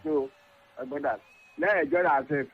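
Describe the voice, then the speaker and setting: A Nigerian man phoning in to a sports show, earnest and rambling, his high voice husky and gravelly. His pitch leaps sharply on emphasis. The sound is thin, like a phone line. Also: normal speed. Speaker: caller.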